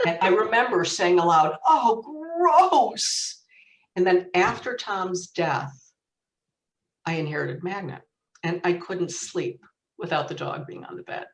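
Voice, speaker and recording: Lively woman telling stories, roomy sound. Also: low-pitched. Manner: lively anecdotal storyteller, laughs often. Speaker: author and guest. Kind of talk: storytelling in conversation. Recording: roomy echo, distant mic.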